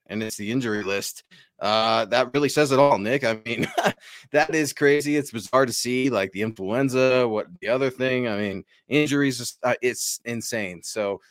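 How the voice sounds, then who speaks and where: A man's voice: mid-range voice, dry recording, studio quality. A man co-hosting a casual sports podcast, talking in an earnest, reflective way and reading out viewer comments. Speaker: podcast co-host.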